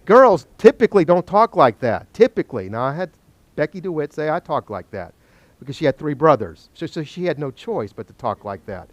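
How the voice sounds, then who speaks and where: A man teaching a Bible study, animated and joking, asking the class questions. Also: fairly high pitch, fairly quick, no room sound.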